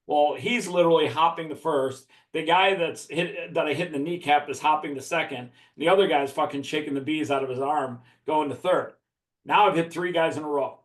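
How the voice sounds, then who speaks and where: This man's voice is highish and fairly quick, bouncing around an echoey room. He's a podcast guest from the Chicago area, chuckling through a profane story in a relaxed chat.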